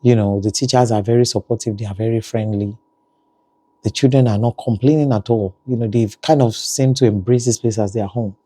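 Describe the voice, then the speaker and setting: With a husky, dark voice on the low side, a man with a Nigerian accent talks briskly and with fairly even intonation in a casual family vlog. He says "you know" frequently, and no room sound comes through.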